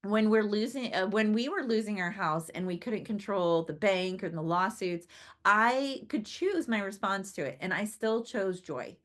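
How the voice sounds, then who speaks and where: A woman leads a motivational business training session in a casual, talkative way. She laughs often and keeps turning to her listeners with a quick "right?". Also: mid-range voice, fairly bright tone.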